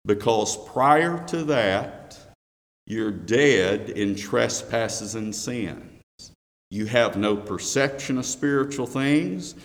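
Slow-preaching man in a reverberant church. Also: mid-range voice, animated. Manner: reads scripture aloud in a raised voice, then explains slowly. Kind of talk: sermon.

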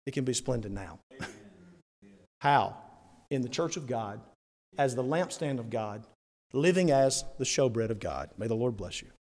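A man preaching a sermon as a church elder, animated and laughing often, rising to loud emphatic peaks. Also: mid-range voice, a little slow, long pauses. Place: church sanctuary. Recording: long reverb of a church hall.

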